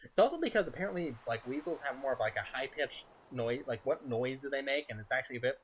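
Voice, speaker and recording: A soft-spoken man chatting loosely over a game stream, his thoughts drifting from one tangent to the next. His voice has a bright, crisp edge to it, and he chuckles often between his sentences. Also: mid-range voice, animated, quick pace. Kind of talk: casual gaming stream chat.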